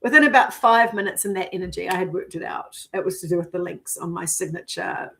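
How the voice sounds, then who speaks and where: In a low voice with vocal fry, a middle-aged woman briskly tells a personal story for her vlog. She keeps it casual and animated, giggling, swearing at times, and acting out her thoughts.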